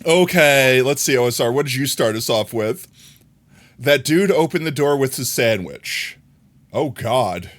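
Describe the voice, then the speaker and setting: A man chatting casually with his viewers on a live stream, playful and teasing, laughing often and breaking into high squeals. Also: animated, unhurried, a bit bright.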